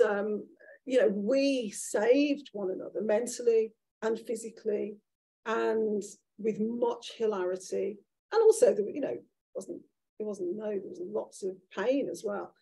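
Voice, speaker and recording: Gravelly Brummie woman in her sixties. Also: mid-range voice. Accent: Birmingham. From Birmingham, England. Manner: animated, candid storytelling with restarts. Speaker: author, guest speaker. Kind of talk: conversational onstage talk. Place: event room with an audience.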